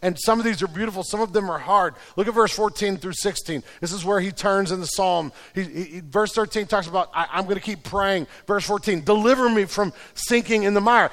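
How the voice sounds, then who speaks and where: A man preaching a sermon as the pastor, earnest and shifting between quiet reflection and loud, urgent prayer. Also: high voice, fairly quick, few pauses. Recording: long hall reverb.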